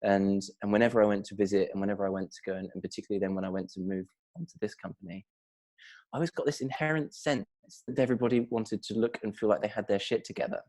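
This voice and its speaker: English man, podcast guest, deep voice, lively anecdotes with laughs. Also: fast. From England. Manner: animated storyteller, acts out quotes with laughter. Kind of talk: casual chat.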